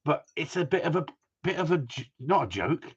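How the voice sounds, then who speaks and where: A man's voice: a little high, very animated, a little fast, husky. A man hosting a live stream in a casual, jokey way, teasing viewers and reading their comments aloud. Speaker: host of a gundog group live stream. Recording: dull lo-fi sound.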